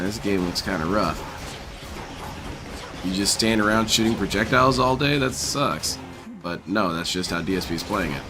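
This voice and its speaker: A man casually commentating over a restreamed game, mocking the player in a sarcastic, profane way. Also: low voice.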